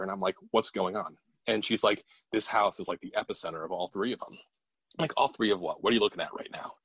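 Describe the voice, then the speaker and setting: A man with a low, slightly husky voice tells a paranormal story in a casual, animated way, swearing as he goes. He quotes the people in the story in his own voice. The recording is dry and close. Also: no echo. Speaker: paranormal investigator telling a story.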